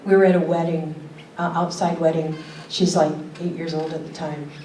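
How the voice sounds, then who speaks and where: A deep, dark-toned female voice delivers a conference keynote at a moderate pace and a level tone. The older speaker is earnest, asks questions, and tells stories, while the distant, roomy hall recording carries slight background noise.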